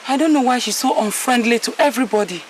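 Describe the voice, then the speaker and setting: An actress playing a kind, protective young princess in a Nigerian film drama, speaking with a Nigerian accent. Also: female voice, on the high side, fast, slight background noise, lightly acted. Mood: gentle.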